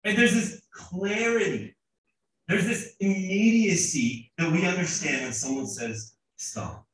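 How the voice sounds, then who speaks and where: A man in his thirties, a pastor preaching a sermon in an animated, emphatic way, often restarting his phrases. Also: sits high, unhurried, a little hiss or hum. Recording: echoey room from a distance.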